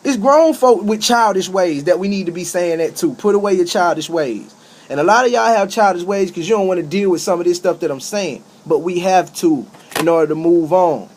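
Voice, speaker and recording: Preachy man with high, emphatic voice. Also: a little fast, a little mellow. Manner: preachy and repetitive, with emphatic rising outbursts. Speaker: street preacher giving a talk. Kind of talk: impassioned spoken monologue.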